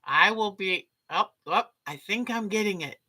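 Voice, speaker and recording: A woman's voice: mid-range voice, moderate pace, husky, low-quality recording. A woman hosting a quilting livestream, chatting casually with viewers and greeting them by name. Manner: chatty, warm sign-offs, talks to viewers by name.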